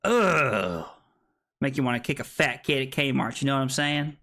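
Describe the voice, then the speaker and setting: A man's voice: medium pitch, animated, moderate pace, sharp tone. A tipsy man streaming a card game, joking, laughing and swearing with his chat. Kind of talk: casual livestream chat over a card game. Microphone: streaming microphone.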